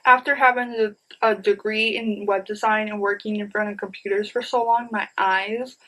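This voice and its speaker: A book vlogger in her thirties chats casually about her latest books, enthusiastic and rambling, with frequent uses of "you guys." Her voice sits in the mid-range with a steady, fairly bright tone at normal speed, though the audio is poor.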